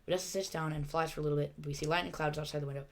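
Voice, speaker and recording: A young woman rushes through a film script's stage directions, stumbling and restarting as she goes. Her voice sits low for a woman and the pace is quick throughout. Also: steady tone. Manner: hurried, stumbling reading with restarts. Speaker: channel host reading a script. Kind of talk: fast script read-through.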